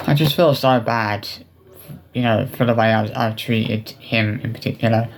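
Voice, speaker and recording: A man talking straight to his viewers in a personal vlog, upset and remorseful, with halting speech full of restarts and fillers. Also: lowish voice, fairly even intonation, gravelly, a little hiss or hum. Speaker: vlogger.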